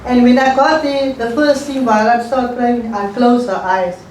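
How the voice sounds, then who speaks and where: A middle-aged woman, an interview guest telling her life story in a halting, emotional way and repeating phrases. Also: on the high side, steady tone, a little mellow. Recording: echoey room, voice far from mic, faint noise.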